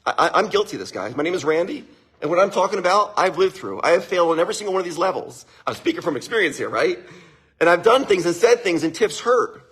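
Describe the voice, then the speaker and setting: A man with a slightly high, husky voice gives casual advice to a live audience. His delivery swings widely in pitch and is broken by frequent chuckles. He keeps checking in with his listeners. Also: very animated, quick pace, fairly bright tone. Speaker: livestream host giving marriage advice.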